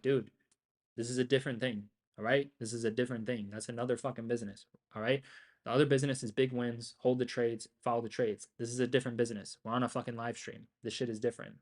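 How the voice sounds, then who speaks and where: A man hosting a live trading stream, talking brashly straight to his chat and swearing constantly, his voice climbing higher and louder when he gets hyped. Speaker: livestream trading host. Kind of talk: profane live-stream monologue.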